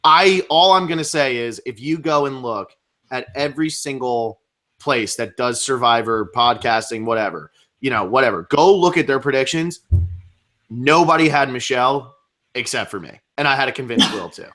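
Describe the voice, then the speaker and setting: A young man co-hosting a casual live podcast, talking quickly in a rambling way, full of fillers and restarts. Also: medium pitch, lively intonation, fairly bright tone. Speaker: co-host of a reality show podcast. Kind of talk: casual live-stream chat.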